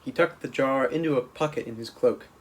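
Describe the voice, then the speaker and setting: A man reading a children's storybook aloud in a steady, plain way, with small restarts. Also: medium pitch, fairly quick, low-quality recording. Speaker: camp counselor reading aloud.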